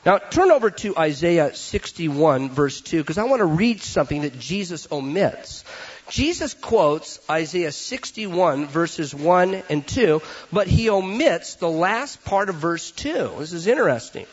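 A male pastor preaching a sermon in a lively, animated way, acting out little voices for laughs. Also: fairly high pitch, a little slow, husky, highs cut off.

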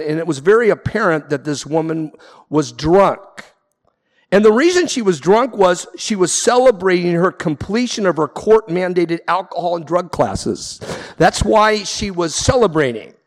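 High-voiced preacher in a reverberant hall. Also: male voice, animated, normal speed. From Southern California. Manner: emphatic preaching with repeated refrains. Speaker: pastor. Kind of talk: sermon.

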